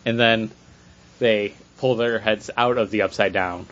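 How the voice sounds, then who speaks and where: Slow-talking man brainstorming a sketch. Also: lowish voice, fairly even intonation, a bit bright. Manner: acts out lines in a put-on Canadian 'eh' voice. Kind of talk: casual brainstorming chat. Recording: dull lo-fi recording, faint noise.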